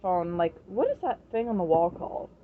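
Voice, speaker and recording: A woman's voice: fairly low pitch, sing-song, fairly quick. Young woman on a tinny, phone-like line. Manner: laughs along, asks short questions. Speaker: adult daughter. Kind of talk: casual family chat. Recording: tinny phone-like sound with faint noise.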